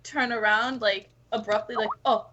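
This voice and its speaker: A woman's voice: fairly high pitch, steady tone, moderate pace, dull audio, background noise. A woman playing a tabletop game, rambling and giggling as she describes her character. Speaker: tabletop player. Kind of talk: casual game play.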